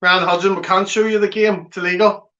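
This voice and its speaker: A man's voice: sits high, fairly even intonation, a little fast, sharp tone. A man hosting a live football watchalong from home, reading viewer comments aloud and teasing them in chatty banter. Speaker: watchalong host. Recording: slightly dull lo-fi audio.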